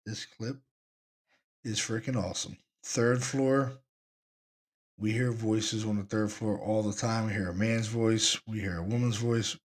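A man hosting a podcast, talking excitedly about the recordings he plays and repeating himself as he goes. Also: fairly low pitch, unhurried. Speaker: podcast host, paranormal investigator.

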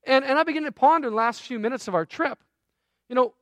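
A man's voice: extremely high pitch, fast, fairly bright tone, dry recording. A man preaching a sermon, telling a story in a conversational way with self-deprecating asides. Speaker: pastor.

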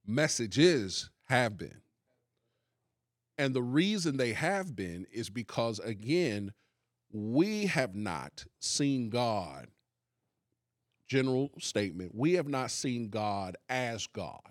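A male pastor hosting a relaxed faith discussion, with a voice of middling pitch for a man. He stresses his points by saying them again and again. The sound is dry and close. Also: slow pace, no room sound. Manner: emphatic, repeats key lines for emphasis. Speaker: pastor and podcast host.

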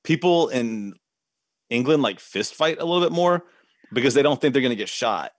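A man's voice: mid-range voice, lively intonation, normal speed, no room sound, studio quality. A young man hosting a casual podcast, rambling and laid-back, with frequent swearing. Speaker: podcast host. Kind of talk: casual chat.

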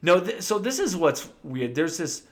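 A dentist telling a funny story from his practice in a casual chat, animated and often laughing. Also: a little high, moderate pace. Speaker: podcast co-host.

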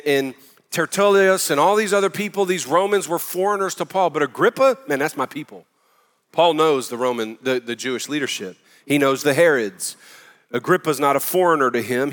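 A man preaching a sermon with passion, swinging from loud emphasis down to hushed, intimate words. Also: fairly high pitch, long reverb tail. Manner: impassioned preaching, drops to a near-whisper on key words. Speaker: pastor.

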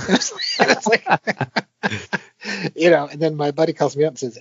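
A man's voice: a little high, unhurried, gravelly, slightly rough, no room sound, muffled recording. A man who designs arcade games, talking casually and at length in an interview, with many fillers and restarts. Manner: rambling, many fillers and restarts, animated when retelling stories. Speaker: arcade game designer, guest.

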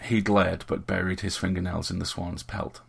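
A man narrating an audiobook in a steady, measured way. His voice is very deep and gravelly, with a husky, rough grain.

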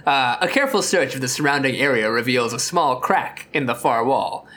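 A man's voice: mid-range voice, animated, moderate pace, bright, forceful tone. A man hosting a comedy podcast, reading a gamebook aloud in a playful, laughing way. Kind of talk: casual comedic narration.

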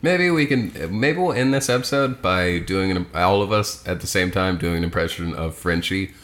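A man's voice: low-pitched, moderate pace, a bit bright. A man co-hosting a podcast in casual, joking chat, rambling and saying things before he thinks them through. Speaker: podcast co-host.

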